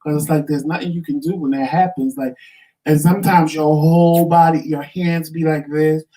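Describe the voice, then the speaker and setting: Talk show co-host, male, animated storyteller, mellow voice recorded a little off-mic. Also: on the high side, moderate pace. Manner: animated, dramatic storyteller acting out quotes. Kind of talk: casual storytelling chat. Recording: voice somewhat distant from mic.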